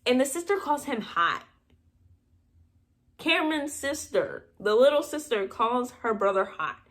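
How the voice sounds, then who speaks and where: A woman's voice: sits high, expressive, a little slow, fairly bright tone. Sarcastic young woman recapping a movie. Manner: sarcastic, laughing asides. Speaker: movie review vlogger.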